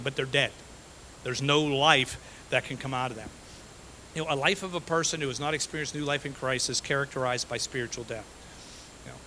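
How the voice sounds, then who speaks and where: A man's voice: medium pitch, bright, forceful tone, a little hiss or hum, poor audio. Emphatic male pastor preaching. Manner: emphatic, repeats phrases, frequent "okay?" and "right?". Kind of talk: sermon.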